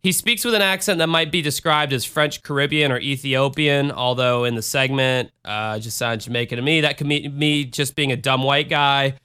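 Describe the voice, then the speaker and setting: A man's voice: medium pitch, steady tone, moderate pace, few pauses, bright, forceful tone, smooth. An American man hosting a casual true-crime podcast, retelling a case with chatty asides. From United States. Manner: chatty, retells cases with asides and bad impressions. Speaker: podcast host.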